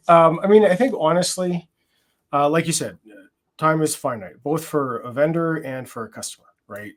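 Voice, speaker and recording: A man working in product security, explaining his approach in a conference conversation, with frequent fillers and restarts. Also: on the high side.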